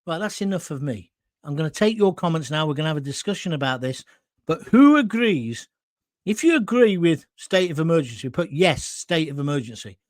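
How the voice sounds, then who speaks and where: Impassioned man with lively pitch. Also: brisk, no room sound, studio quality. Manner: indignant and emotional, addressing viewers directly. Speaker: host of his own live show. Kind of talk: impassioned live-stream commentary.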